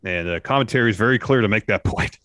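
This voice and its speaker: A man co-hosting a wrestling podcast, giving a steady, casual play-by-play summary from his notes. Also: on the low side, quick pace, no room sound, studio quality. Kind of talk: casual chat recapping a wrestling show.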